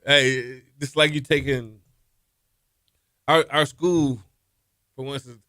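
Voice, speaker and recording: Guest: middle-aged man, lively storyteller, bright dry sound. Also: slow pace, no echo. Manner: animated storyteller, acts out quotes with raised pitch, laughs often. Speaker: former college quarterback, guest. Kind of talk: casual storytelling interview.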